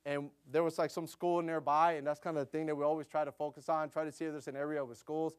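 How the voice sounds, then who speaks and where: Talking fast with a clean tone, a middle-aged preacher whose voice sits slightly above the usual male pitch delivers an easygoing, story-based sermon. "You know" keeps cropping up, and his volume and energy climb whenever he gets worked up.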